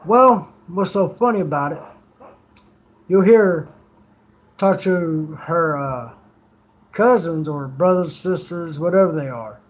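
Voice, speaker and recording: Slow-talking high-voiced man chatting. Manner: rambling storyteller, swears freely. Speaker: streamer. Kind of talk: casual chat.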